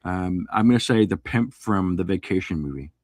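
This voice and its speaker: A man guests on a podcast, joking around with a playful, wacky manner. His voice is very deep, and the sound is dry and close. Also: expressive, moderate pace, darkish tone, no room sound. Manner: jokey, self-described wacky. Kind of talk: casual podcast chat.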